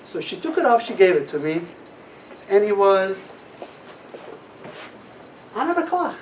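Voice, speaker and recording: Man, middle-aged, lively storyteller, voices the people he quotes, heard from across the room. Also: high-pitched, takes it slowly. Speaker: guest speaker at a class. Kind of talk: personal testimony talk. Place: classroom. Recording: distant mic with faint room noise.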